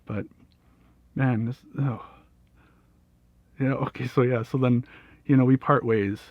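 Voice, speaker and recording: A man's voice: medium pitch, steady tone, a little slow, no room sound. A young man telling a personal story in a casual, rambling way, with lots of fillers, swearing and laughter. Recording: dull, dry lo-fi audio.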